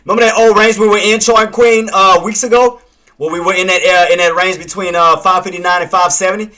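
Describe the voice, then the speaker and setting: Man, trader livestreaming, somewhat high and forceful voice, self-critical, repetitive, answers chat by name. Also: steady tone, fast talker. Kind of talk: live trading commentary with chat.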